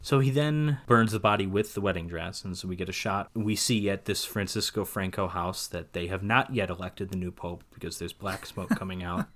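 Low-voiced man rambling with laughs. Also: normal speed, few pauses. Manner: rambling, laughs often, animated asides. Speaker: podcast co-host. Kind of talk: casual film discussion.

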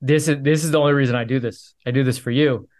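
A man's voice: mid-range voice, steady tone, fast talker, darkish tone. A man co-hosting a casual sports podcast, teasing playfully, with restarts and fillers. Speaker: podcast co-host.

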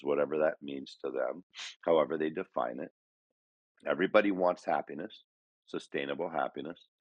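A man with a very low voice co-hosts a casual podcast chat, thinking out loud in an earnest, reflective way. He keeps turning points into rhetorical questions for the listener. The sound is dry and a little dull, lo-fi. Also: no echo. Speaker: podcast co-host. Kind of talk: casual conversation.

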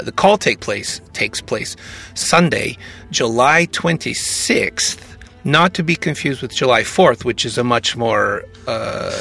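A man co-hosting a podcast in loose, joking chat, his voice gravelly and a little husky. He swings his pitch around a lot and talks with a bright, forward edge. Faint music plays underneath. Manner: joking, animated, self-mocking. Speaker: podcast co-host introducing calls.

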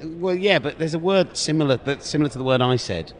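A man's voice: a little high, fast, slight background noise. A British man hosting a podcast, who chats casually, rambles and often searches for the right word. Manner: rambling, laughs easily, searches for words. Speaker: podcast host.

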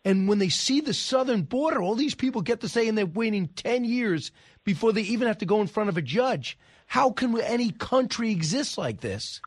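A man's voice: high voice, lively intonation, moderate pace, husky, no room sound. A middle-aged man hosting a talk radio show, pressing his guest with emphatic, indignant questions. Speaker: radio host.

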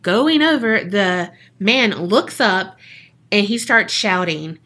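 A woman's voice: medium pitch, expressive, slow pace, pushed and bright. A woman co-hosting a podcast, telling a true-crime case in a casual, jokey way and acting out the people she quotes.

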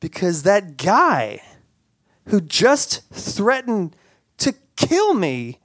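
Halting, stammering male storyteller, dry sound. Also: high-pitched, wildly swooping pitch, a bit bright, no echo. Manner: halting, with many stammers and repeated words. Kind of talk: live personal storytelling.

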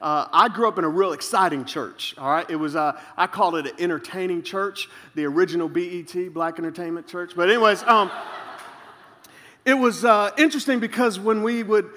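High bright-voiced preacher guy, jokey storytelling sermon, lots of hall reverb. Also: fairly quick. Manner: humorous storytelling, animated. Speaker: pastor.

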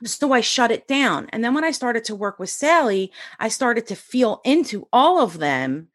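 A middle-aged woman, a podcast guest, telling her story in a casual, animated way and acting out the voices of people she quotes. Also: on the high side, moderate pace. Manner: animated, acts out quoted dialogue.

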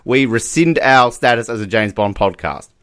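An Australian man co-hosting a film commentary podcast in excitable, casual chat, often restarting his sentences. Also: mid-range voice, clear, resonant tone, no echo, studio quality. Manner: excitable, restarts often, quick bursts of laughter. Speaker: podcast co-host.

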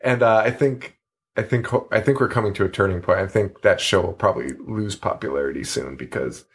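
A man's voice: fairly low pitch, a little fast, breathy edge. A man co-hosting a podcast, chatting casually, rambling and swearing, often laughing. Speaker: podcast co-host. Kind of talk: casual chat.

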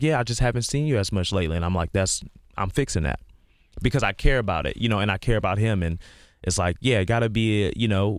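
A man with a low voice talks earnestly and rambles a little, with a lot of "like", as a guest on a casual interview show. The sound is dry and close, with no room around it. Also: clear, resonant tone, no room sound. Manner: earnest, rambling, heavy use of "like". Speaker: guest musician.

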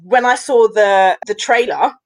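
Animated woman, dry close sound. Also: a little high, unhurried, no room sound, low-quality recording. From West London. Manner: animated, builds to exasperated rhetorical questions. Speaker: podcast co-host reviewing a film. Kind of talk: casual chat.

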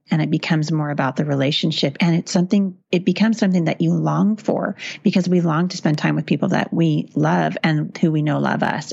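A middle-aged woman speaks as an interview guest, earnest and encouraging, her thoughts running on in long flowing stretches. Her voice sits a little low with a gravelly fry. The audio is dull and lo-fi. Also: darkish tone, no echo. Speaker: guest, author. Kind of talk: casual interview chat.

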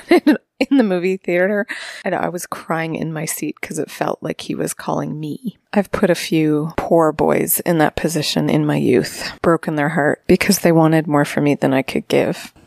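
A woman co-hosting a podcast, answering questions with vivid, deliberate storytelling. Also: deep voice, creaky, dry recording, studio quality. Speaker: podcast co-host.

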